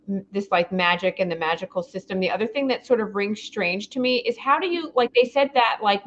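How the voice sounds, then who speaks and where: A woman's voice: medium pitch, a bit bright, lo-fi sound, a little hiss or hum. A woman in a casual live book chat, asking puzzled questions about the story.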